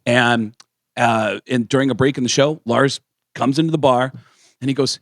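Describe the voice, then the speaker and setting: A male comedian, a guest in a radio studio, telling an animated story in a mid-range voice. He slips into other people's voices as he goes. The sound is dry and close on the mic. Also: medium pitch, normal speed, no room sound. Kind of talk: casual storytelling on a radio show. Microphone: studio microphone.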